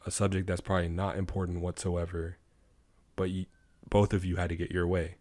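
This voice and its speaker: A man co-hosting a podcast, chatting casually and telling a fable with a moral in a relaxed way. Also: sits low, brisk, no room sound. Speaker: podcast co-host. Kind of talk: casual chat, storytelling.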